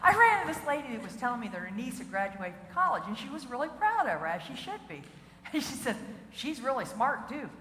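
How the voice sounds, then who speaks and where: A woman giving a comedic motivational keynote, playful and animated, breaking into song now and then. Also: on the high side, fast talker. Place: large auditorium with audience. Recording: echoey hall, faint noise.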